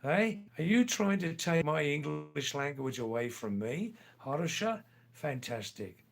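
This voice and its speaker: Reading out viewer comments on a casual livestream, an older man responds with playful, teasing asides. His voice is a little high with vocal fry, animated yet unhurried.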